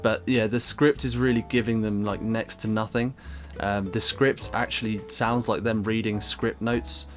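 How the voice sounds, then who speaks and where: A man's voice: fairly low pitch, little pitch movement, normal speed, faint music behind. A man co-hosting a podcast, giving blunt, wry film criticism in casual chat. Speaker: podcast co-host.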